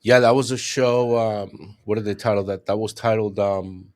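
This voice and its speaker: A man's voice: fairly low pitch, normal speed. A middle-aged man, a retired homicide detective, telling stories in a casual interview and acting out what others said. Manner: animated storyteller, acts out what others said.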